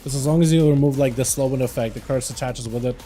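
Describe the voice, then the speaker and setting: A young man casually commenting on his own gameplay during a live stream, chatting with his teammates in a relaxed, talkative way. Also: mid-range voice, fast, soft background music. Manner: laid-back, chatty, talks to teammates.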